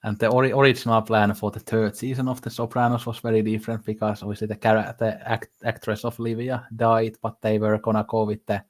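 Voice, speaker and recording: A man's voice: lowish voice, flat delivery, brisk, hardly any pauses. A man hosting a podcast, talking casually and enthusiastically, rambling with frequent restarts. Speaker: podcast host. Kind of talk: casual discussion.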